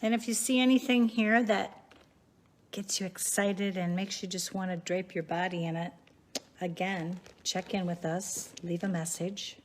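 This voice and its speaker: Slow, unhurried woman giving a shop tour. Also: fairly low pitch, steady tone, a little hiss or hum. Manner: leisurely, chatty, warmly showing off items. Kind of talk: casual guided shop tour. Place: inside a small shop.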